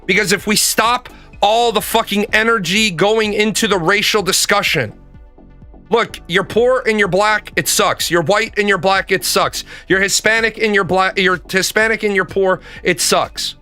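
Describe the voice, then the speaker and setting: A man rants casually, swearing freely and repeating lines for emphasis. His voice sits high with a bright, forceful tone. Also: steady tone, moderate pace, clean tone, soft background music. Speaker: commentator. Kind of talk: casual profane rant.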